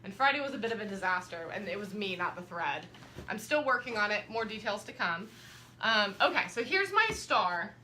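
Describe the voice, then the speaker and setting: A young quilting teacher runs a live demo, very animated at a moderate pace, her medium-pitched voice sharp in tone. She chats amiably and speaks directly to viewers, in an echoey room with a little hiss or hum.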